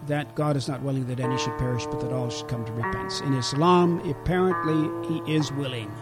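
A man calmly explaining religious ideas in a talk show discussion, pausing often with fillers. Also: medium pitch, over loud music. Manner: measured, explanatory, with many pauses and fillers. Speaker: guest speaker explaining Islam.

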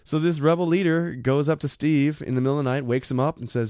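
A man's voice: fairly high pitch, steady tone, fast talker, a little mellow, dry recording, clean studio sound. A man co-hosting a Christian show, talking earnestly about an interview and laughing easily. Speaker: podcast co-host. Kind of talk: casual commentary.

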